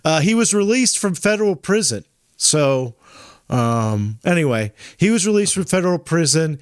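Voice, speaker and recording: A man's voice: on the high side, very animated, moderate pace, smooth, no echo, clean studio sound. A man hosting a podcast in casual chat, rambling with frequent restarts and self-corrections. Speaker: podcast host.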